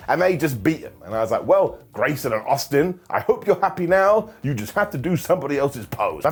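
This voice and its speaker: Man, comedic wrestling recap, husky voice, bouncy pitch, sarcastic asides. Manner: animated, sarcastic, jokey asides. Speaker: wrestling show reviewer.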